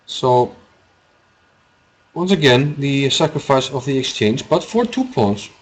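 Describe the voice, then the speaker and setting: A man's voice: mid-range voice, very animated, slow pace, a little hiss or hum. A man from Iceland, giving rambling, chatty live commentary on a chess game and answering viewers' chat.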